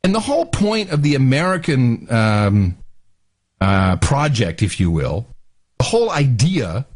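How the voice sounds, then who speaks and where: Ranting middle-aged man, lively pitch. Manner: angry, mimics officials in loud barking voices. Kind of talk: casual ranting monologue.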